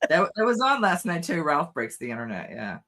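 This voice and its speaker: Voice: mid-range voice, sing-song, a little fast, bright, forceful tone. Giggly podcast co-host. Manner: laughs easily, short reactions. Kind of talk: casual chat.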